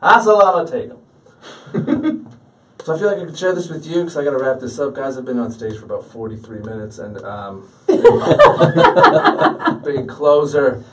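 A man's voice: mid-range voice, huge pitch swings, normal speed, noisy background. A man in his late thirties doing a stand-up comedy set, self-deprecating and punchy. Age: 30s. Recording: stage audio from a distant mic.

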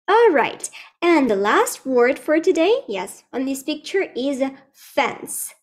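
A young woman teaching English to children in a live online lesson, speaking slowly and repeating words for learners. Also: high voice, very animated, darkish tone.

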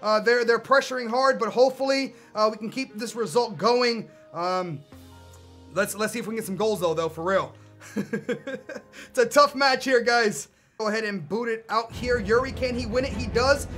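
Excitable high-voiced young man gaming. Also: normal speed, soft background music. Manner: excitable, yells at the game, then rambles casually. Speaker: gaming YouTuber. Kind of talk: live gameplay commentary.

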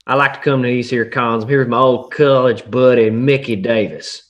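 A man's voice: mid-range voice, steady tone, normal speed, muffled recording, close to an everyday voice. A man voicing a folksy old country boy visiting a convention, talking in an easygoing way.

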